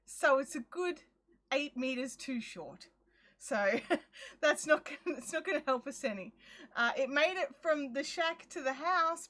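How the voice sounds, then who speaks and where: A woman tells a funny story to her livestream viewers from her craft shed, acting out what everyone said. Her voice sits high and sounds bright and forward. She talks casually and chattily through a phone. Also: a little slow. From Australia. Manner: chatty and animated, acts out her own quotes.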